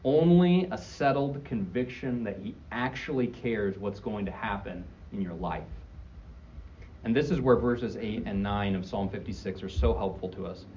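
A man preaching a sermon, earnest and emphatic, slowing down and repeating key phrases. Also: on the low side, mellow. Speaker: pastor. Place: church sanctuary. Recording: dull, distant mic with faint room noise.

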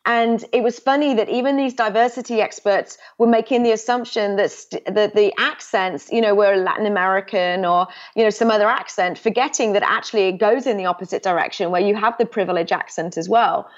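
A woman's voice: mid-range voice, brisk, few pauses, lo-fi sound. A woman from England with an English accent, a podcast guest talking thoughtfully and with self-deprecating humour. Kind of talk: casual conversational interview.

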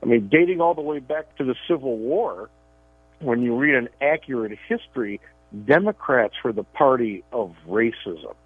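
Emphatic husky man on a phone line. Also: medium pitch, expressive, normal speed. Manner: emphatic, repeats words when starting sentences. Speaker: radio show co-host and columnist. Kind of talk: political radio commentary. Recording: tinny phone line, dry.

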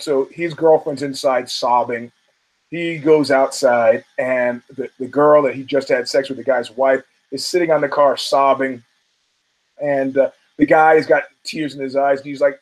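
A man's voice: mid-range voice, poor audio. A man hosting his own podcast, telling rambling, profane stories and acting out the voices of the people in them. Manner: loose, swearing, acts out quoted voices. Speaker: podcast host. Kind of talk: profane storytelling monologue.

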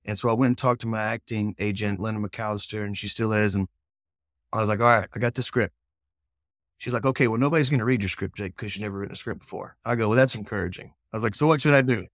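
A man in his forties, a filmmaker guest, telling his story in a casual interview in an earnest, animated way, acting out quoted exchanges. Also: fairly low pitch, fast, no echo, clean studio sound.

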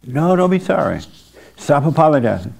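A man's voice: fairly high pitch, sing-song, normal speed, vocal fry, a little mellow, husky. A man leading an informal church service, talking bluntly and conversationally with his congregation in a folksy way. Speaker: pastor.

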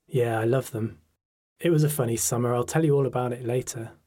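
A man voicing a cheerful teenage girl in an audiobook, with a breezy, bright way of talking. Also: mid-range voice, steady tone, fairly quick, close to an everyday voice. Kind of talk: audiobook character voice.

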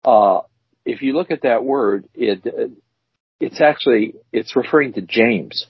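A man's voice: medium pitch, measured pace, breathy edge, no room sound. A man co-hosting a casual chat show, joking and rambling as he tells stories. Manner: animated, joking, rambling storyteller. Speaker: co-host. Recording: dull, dry lo-fi audio.

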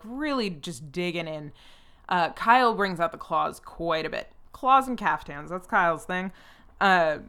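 A young woman chats on her podcast in a casual, opinionated way. Her voice sits a little low, and her talk is loose and full of fillers. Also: a bit bright. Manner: chatty and opinionated, frequent "like" fillers and swearing. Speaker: podcast host.

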